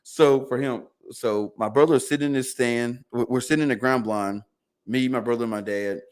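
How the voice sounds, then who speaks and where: A man's voice: mid-range voice, normal speed, clear, resonant tone. A man guest on a podcast telling a long story in loose casual speech, acting out what his family said. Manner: animated, acts out quotes of family.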